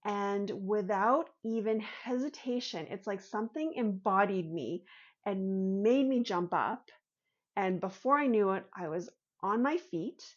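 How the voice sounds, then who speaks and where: A woman's voice: medium pitch, animated, a little slow. Earnest woman vlogger, slightly muffled. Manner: earnest, voices her own inner thoughts. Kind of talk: personal storytelling and teaching.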